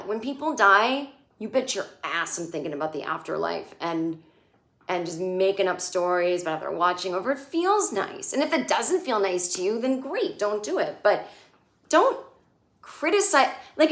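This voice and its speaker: A woman's voice: fairly high pitch, very animated, normal speed, fairly bright tone. A woman comedian recapping a TV episode in a chatty, sarcastic way, swearing freely and acting out the characters' lines. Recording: echoey room.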